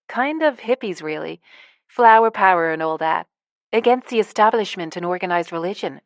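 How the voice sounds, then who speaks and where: A woman narrator voicing a calm young American woman who teaches yoga, with an American accent. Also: medium pitch, no room sound, studio quality, lightly acted.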